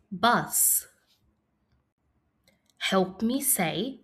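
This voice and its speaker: A woman teaching an early-years phonics lesson, speaking slowly and clearly in an encouraging classroom manner. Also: medium pitch, expressive, a bit bright.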